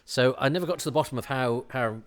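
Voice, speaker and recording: A man's voice: medium pitch, fast talker. A middle-aged man hosting a podcast, giving an enthusiastic, rambling commentary over an old TV episode, full of fillers and restarts. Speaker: podcast host.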